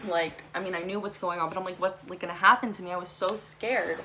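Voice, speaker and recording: A young woman telling a storytime vlog, talking fast and animated, swearing a lot and saying "like" often. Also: lowish voice, slight background noise. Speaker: vlogger.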